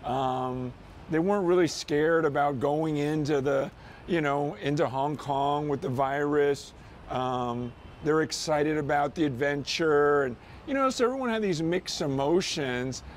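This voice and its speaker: A man's voice: a little high, unhurried, slight background noise. A man pastor sending a casual, earnest video message to his church, talking conversationally with frequent "you know" and "man".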